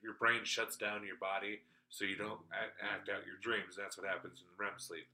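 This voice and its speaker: A man's voice: on the low side, flat delivery, normal speed, pushed and bright, rough recording. A man hosting a podcast, telling a story in casual chat, rambling and swearing freely. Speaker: podcast host.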